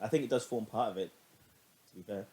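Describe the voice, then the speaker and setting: Podcast co-host, young man, rapid and lively casual chatter with easy swearing. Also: fairly low pitch. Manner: animated, laughing, swears casually. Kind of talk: casual chat.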